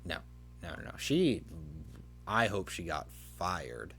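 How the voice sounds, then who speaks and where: A man's voice: low-pitched, sing-song, takes it slowly, fairly bright tone, slightly rough, soft background music. A young adult man hosting a podcast, telling a rambling story in casual chat with lots of fillers. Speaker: podcast host.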